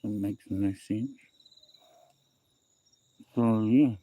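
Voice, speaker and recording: A middle-aged New Zealand man with a dark, low-leaning voice speaks very slowly while chatting loosely on a phone livestream. He reads viewers' comments aloud, rambles, repeats himself and uses "bro" and "eh."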